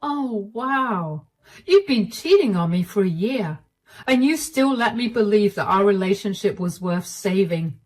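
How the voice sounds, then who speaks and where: A woman's voice: medium pitch, animated, a little slow, darkish tone, recorded from a distance. A woman voicing a hurt young wife who confronts her husband in agitated, pleading outbursts. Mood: outraged. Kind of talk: storytelling dialogue.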